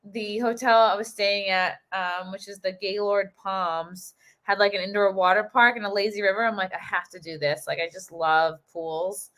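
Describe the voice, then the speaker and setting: A woman hosting a livestream, chatting casually, reacting loudly and reading viewer messages aloud. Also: mid-range voice, fairly even intonation, moderate pace. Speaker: livestream host.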